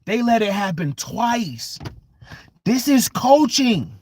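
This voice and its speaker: A man venting on a live sports fan stream, exasperated and repeating himself, jumping from loud outbursts to low mutters. His voice sits high, and he drags out his words at an unhurried pace. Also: big pitch swings, dry recording. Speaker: sports fan channel host.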